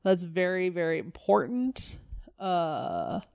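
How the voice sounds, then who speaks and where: A woman's voice: lowish voice, very animated, slow pace, vocal fry, darkish tone. A woman co-hosting a podcast, chatting loosely and laughing often. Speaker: podcast co-host. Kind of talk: casual chat about comics.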